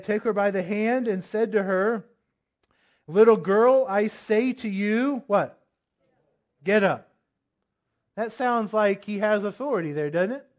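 Male pastor, high voice, preaches conversationally, fires questions at the congregation. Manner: asks the congregation many questions; reads scripture aloud, voicing commands forcefully. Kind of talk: sermon.

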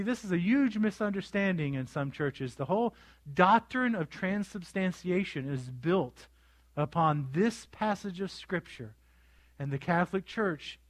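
High-voiced man preaching with lively retelling. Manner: animated storytelling with quoted voices, asking the congregation. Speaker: pastor. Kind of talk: sermon.

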